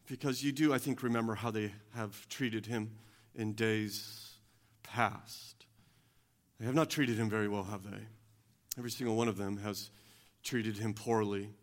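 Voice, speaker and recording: A man preaching an earnest sermon, often restarting phrases and moving between quiet and emphatic passages. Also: lowish voice. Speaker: pastor.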